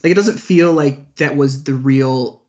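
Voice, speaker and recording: A man's voice: mid-range voice, a little slow, darkish tone. A man co-hosting a podcast, talking about music hesitantly and thinking aloud. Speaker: podcast co-host. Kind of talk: casual music discussion. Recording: dull lo-fi podcast audio.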